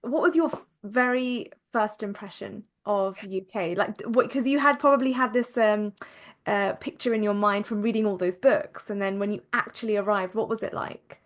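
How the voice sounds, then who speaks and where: A woman's voice: mid-range voice, normal speed. A woman co-hosting a podcast, asking curious, thoughtful questions and chatting with casual fillers. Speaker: podcast co-host. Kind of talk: conversational interview questions.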